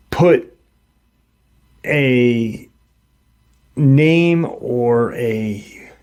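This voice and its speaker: A man retelling a paranormal encounter story in a halting, conversational way, full of pauses and restarts. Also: mid-range voice, a little mellow. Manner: halting, many fillers and restarts; conversational, quotes others in plain voice.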